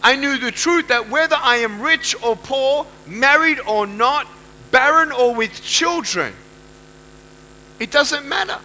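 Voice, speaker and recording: A man's voice: extremely high pitch, takes it slowly, pushed and bright, poor audio. A man giving a motivational speech to a live audience, emphatic, repeating key phrases and putting questions to the listeners. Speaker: motivational speaker.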